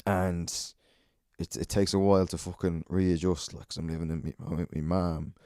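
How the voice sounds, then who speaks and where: A man's voice: low voice, steady tone, normal speed, warm tone, no echo, clean studio sound. An Irish man hosting a solo podcast, rambling and swearing a lot, self-mocking and a bit out of breath. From Ireland. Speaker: podcast host.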